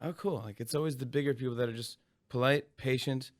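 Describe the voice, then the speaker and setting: A man in his forties, a comedian guest in an interview, telling animated stories, acting out voices and laughing often. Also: medium pitch, fast talker. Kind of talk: casual interview chat.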